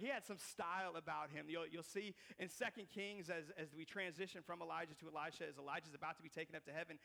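Bright, gravelly man preaching casually. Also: sits high. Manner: animated, slangy, frequent word repeats. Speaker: pastor.

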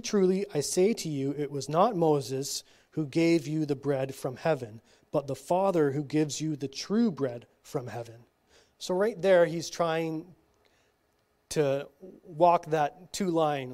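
A man reading scripture slowly at a church teaching, breaking off for casual asides and frequent checks like "okay?". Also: on the high side, a little mellow. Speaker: Bible study teacher.

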